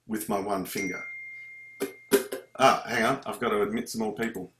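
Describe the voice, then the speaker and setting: A man's voice: on the low side, steady tone, moderate pace, noisy background. Chatty man teaching ukulele. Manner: chatty, self-interrupting, counts strums aloud. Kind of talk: live online music lesson. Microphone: computer video call. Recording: echoey room on a video call. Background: ukulele strumming.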